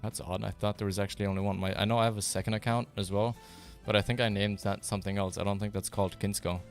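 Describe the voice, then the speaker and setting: Low, even-voiced German man streaming. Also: quick pace, faint music behind. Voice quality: fairly monotone, even delivery. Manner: relaxed, rambling, with many fillers and restarts. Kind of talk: casual live-stream chat answering viewers.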